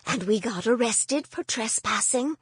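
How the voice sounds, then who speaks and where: A woman voicing a gentle older grandmother with a light Norwegian accent and a sing-song lilt in an audiobook. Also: a little high, lively intonation, measured pace, husky, no room sound, studio quality, full character voice. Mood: cheerful.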